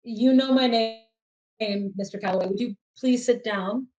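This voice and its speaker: A woman's voice: on the high side, measured pace, darkish tone, highs cut off, lightly acted. A woman voicing a weary, impatient male teacher. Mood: exasperated. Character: irritable male schoolteacher, middle-aged.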